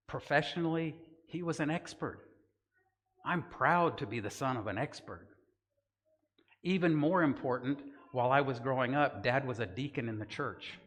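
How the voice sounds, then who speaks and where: A man's voice: mid-range voice, a bit bright, big-room sound. An older man from Southern California giving a Bible lesson in a conversational sermon style, often checking in with listeners by asking "right?". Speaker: church teacher. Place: church hall.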